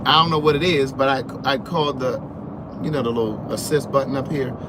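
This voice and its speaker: A man vlogging from his car, chatting in an animated, sassy way and answering comments, sounding sleepy. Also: medium pitch, a little fast. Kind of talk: casual chat while driving. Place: in a car on the road. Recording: car road noise. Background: road noise.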